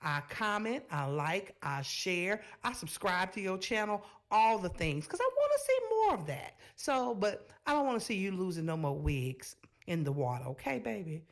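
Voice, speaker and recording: Sassy woman host riffing on clips to camera, pitch all over the place. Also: moderate pace. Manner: sassy, animated, talks straight to viewers. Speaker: reaction video host. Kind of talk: casual reaction commentary.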